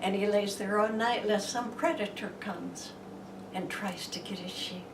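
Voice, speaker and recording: Unhurried woman teaching Scripture, roomy sound. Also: mid-range voice, noisy background. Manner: homey and chatty, dropping to hushed tones. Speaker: Bible teacher. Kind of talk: folksy Bible teaching. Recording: roomy sound from a distant mic.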